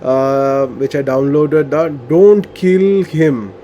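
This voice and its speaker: Guy asking long earnest questions, bit high voice, lots of you know, faint background hum. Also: slow, mellow, muffled recording. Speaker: interviewer and coach. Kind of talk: conversational interview questions.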